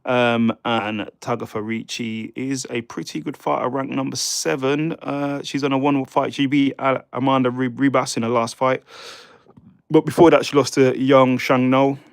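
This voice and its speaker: A British livestream host makes casual fight predictions, rambling, chatting with viewers and stumbling over fighter names. His medium-pitched voice is gravelly yet smooth, with a steady tone and normal speed, recorded on a dry mic with no echo.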